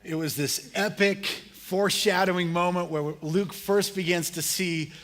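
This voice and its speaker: Middle-aged male pastor, high tenor, relaxed storytelling sermon with humor. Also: a little slow, soft background music. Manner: casual, humorous storytelling with audience questions. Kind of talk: conversational sermon.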